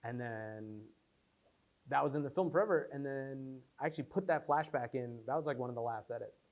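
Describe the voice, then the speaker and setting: Rambling, animated filmmaker telling stories. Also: male voice, mid-range voice, brisk, dull audio. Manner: rambling anecdotes, many fillers, acts out quotes. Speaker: filmmaker answering audience questions. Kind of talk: casual post-screening Q&A. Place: screening room before an audience.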